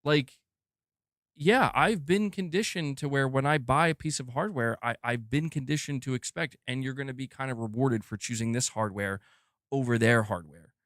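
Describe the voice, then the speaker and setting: A man's voice: medium pitch, normal speed, no echo, clean studio sound. A man hosting a gaming news stream, ranting in a casual, rambling way full of "like" and the odd curse word. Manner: rambling, animated, peppered with "like" and casual swearing. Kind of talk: casual opinion rant on a live stream.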